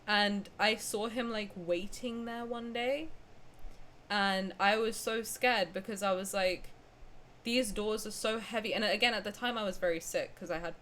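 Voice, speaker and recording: A woman's voice: mid-range voice, steady tone, unhurried, a bit bright, slight background noise. A young woman streamer casually telling a long personal story, rambling with lots of fillers and restarts. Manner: rambling, filler-heavy, restarts mid-sentence.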